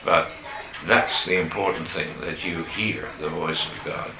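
A man preaching a sermon, slow and emphatic, pushing up on the key words. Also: low voice, fairly even intonation, music in the background. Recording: echoey room with faint ambience.

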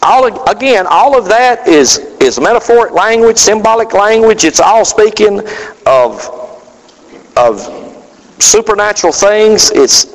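A man preaching with a fairly high, lively voice that swoops up and down as he gets worked up. His manner is folksy and animated, and he slips into the voices of the people he quotes. A long reverb from the hall trails behind every phrase. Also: unhurried, vocal fry. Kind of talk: sermon.

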